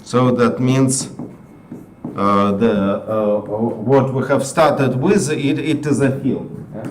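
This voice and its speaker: A man with a Russian accent giving a university math lecture in a halting way, filling his pauses with uh. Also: mid-range voice. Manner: halting, frequent uh fillers, switches to Russian with students. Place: lecture hall. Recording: roomy echoey classroom, mic from far off, faint noise.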